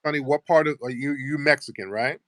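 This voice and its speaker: A man's voice: medium pitch, brisk, a bit bright, dry recording, studio quality. A man hosting a heated live call-in show, talking bluntly and combatively, often profane. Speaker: host.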